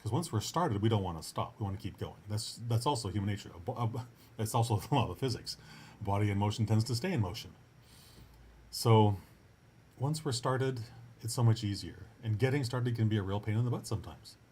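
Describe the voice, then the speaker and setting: A man's voice: on the low side, lively intonation, fairly quick, warm tone, a little hiss or hum. A man hosting his own show as a writing coach, talking in a casual, earnest and encouraging way, often restarting his sentences. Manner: earnest and encouraging, with frequent restarts and upbeat asides. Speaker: writing coach and podcast host. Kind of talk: casual motivational coaching monologue.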